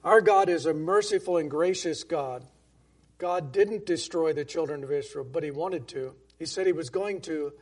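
High-voiced man teaching a Bible lesson. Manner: conversational, with frequent restarts and questions to the congregation; reads King James scripture slowly and emphatically. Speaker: preacher. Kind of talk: Bible-study sermon.

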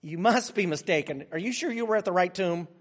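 A man's voice: high-pitched, brisk, in a large hall. A man playing a skeptical adult male disciple, dismissive and questioning as he brushes off reports.

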